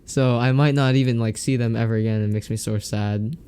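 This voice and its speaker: A man's voice: mid-range voice, steady tone, fairly quick, dark tone, clear, resonant tone. A teenage boy co-hosting a casual podcast, rambling with lots of fillers and frequent laughs. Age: teens. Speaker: podcast co-host. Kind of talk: casual chat.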